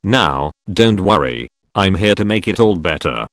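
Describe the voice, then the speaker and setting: A sugary, meddling fairy godmother, as a low synthetic male voice reads her. The machine delivery is flat but its pitch leaps around, with a dry close sound. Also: a little slow, dry recording, heavily acted. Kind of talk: text-to-speech script reading.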